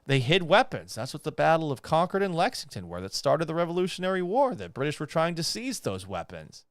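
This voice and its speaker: With huge pitch swings and a slightly fast pace, a young man mocks items he reads aloud on his casual commentary podcast. His fairly bright voice turns profane and incredulous, jumping higher in exasperation. The clean studio recording has no echo.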